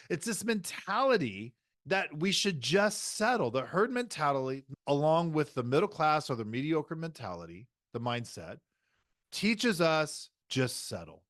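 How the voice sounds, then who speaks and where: A middle-aged man delivers a motivational podcast monologue in a fairly high voice. He speaks with emphasis and returns to the same phrases again and again. The sound is dry and close, with no room around it. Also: big pitch swings, normal speed, fairly bright tone, dry recording. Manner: emphatic, repeats key phrases. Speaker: podcast host.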